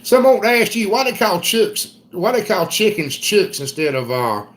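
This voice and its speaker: A man's voice: high-pitched, very animated, a bit bright. Folksy Eastern North Carolina man. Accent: Eastern North Carolina Southern. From Southern United States. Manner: folksy, drawn-out storytelling. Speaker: livestream host. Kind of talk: casual live chat reading comments.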